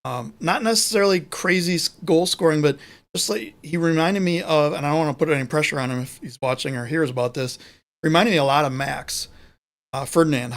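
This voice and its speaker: A man co-hosting a live sports show, talking casually and rambling, often correcting himself mid-sentence. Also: a little high. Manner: rambling, self-correcting, chatty. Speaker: podcast co-host.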